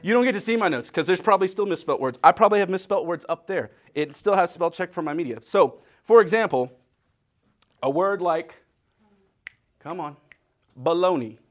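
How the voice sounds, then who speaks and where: A man with a fairly high voice delivers a lighthearted sermon. He is middle-aged and animated, jumping between jokes and stories built on wordplay. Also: fairly quick. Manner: animated storytelling with playful wordplay. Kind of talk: humorous sermon.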